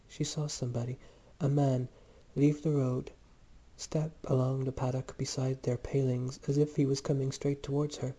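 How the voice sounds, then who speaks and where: A man narrating a story in a measured, gentle reading. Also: medium pitch, husky. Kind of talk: scripted audiobook narration.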